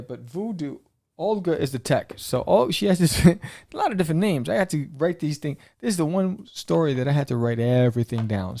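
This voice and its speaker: A man hosting a podcast, rambling excitedly through a comic book review with lots of fillers. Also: mid-range voice, vocal fry, no room sound.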